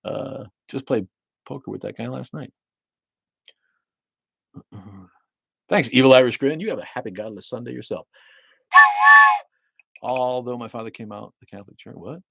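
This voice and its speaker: A man's voice: medium pitch, huge pitch swings, a little slow, gravelly, pauses often, sharp tone, husky, dry recording, studio quality. A man in his fifties hosting a casual livestream rant, profane and rambling with many restarts. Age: 50s. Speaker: livestream host. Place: home in Maine.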